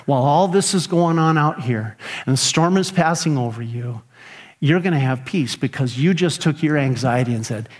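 Animated middle-aged male pastor preaching. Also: a little high, normal speed. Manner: animated preaching, voices his own pleading prayers and grumbles. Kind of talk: sermon.

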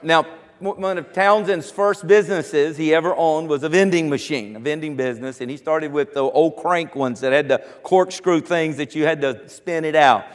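A man's voice: fairly high pitch, normal speed, big-room sound. A man preaching a sermon as pastor, telling stories with humor and chuckling often. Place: church sanctuary.

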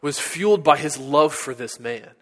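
A man preaching a sermon as pastor, earnest, building to emphatic peaks and dropping to hushed lines. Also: a little high, expressive, normal speed. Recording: long hall reverb.

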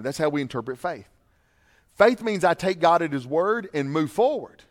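A male pastor preaching a sermon, swinging from quiet, low asides to loud, repeated shouted refrains. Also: animated, moderate pace.

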